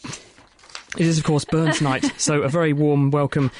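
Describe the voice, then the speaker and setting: A man hosting a science radio show from the studio, quick, chatty and jokey. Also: a little high, little pitch movement, slight background noise.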